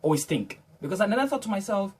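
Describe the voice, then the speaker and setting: A man's voice: sits high, very animated, quick pace, darkish tone, slightly rough. A man earnestly retelling a personal encounter in a reflective, motivational way, often repeating and restarting his phrases. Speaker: vlogger.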